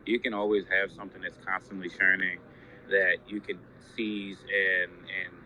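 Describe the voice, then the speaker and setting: A man's voice: low voice, level tone, normal speed, sharp tone. A man dropping into a casual online audio chat with upbeat, hype-filled encouragement from a noisy restaurant. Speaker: listener joining the chat.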